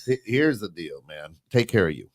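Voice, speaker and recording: Brief: middle-aged man, lively swinging pitch, dry close mic, blunt and profane banter. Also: normal speed, no echo. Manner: blunt and profane, laughing, tags lines with "right?". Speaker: talk show co-host. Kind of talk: casual banter.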